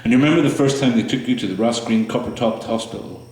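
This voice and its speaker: A man performing his spoken word poetry to a small audience, slow and halting between pieces, with fillers and restarts. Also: mid-range voice, darkish tone. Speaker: poet performing his work. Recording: echoey room, mic far off.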